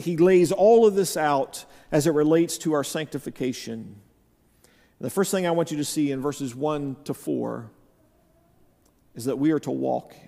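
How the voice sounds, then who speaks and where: A man preaching a sermon as pastor, stressing key phrases by slowing down and leaning into them. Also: a little high, gravelly, dark tone. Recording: reverberant hall.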